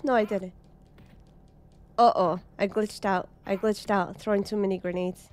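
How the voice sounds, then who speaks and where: A woman giving excited, chatty commentary while playing an arcade game, with squeals and laughs. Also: medium pitch, unhurried, soft background music. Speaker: gaming streamer.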